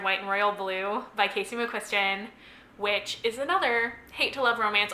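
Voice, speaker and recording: Bright, gushing woman book vlogger. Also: medium pitch, roomy sound. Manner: gushing, enthusiastic, lots of likes and ums. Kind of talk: casual monthly reading wrap-up.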